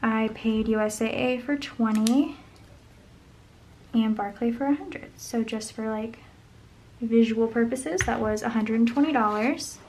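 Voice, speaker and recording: A woman's voice: fairly high pitch, unhurried, darkish tone, a little hiss or hum, poor audio. Chatty woman talking through her budget. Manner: chatty, thinking aloud, murmurs sums under her breath. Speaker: budget vlogger. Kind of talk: casual talk while planning.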